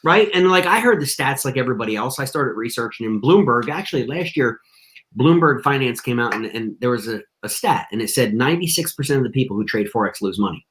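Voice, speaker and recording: A man's voice: mid-range voice, lively intonation, fast talker, a bit bright. A man talking as a podcast guest, telling a story in a casual, slangy way full of "you know" and "dude".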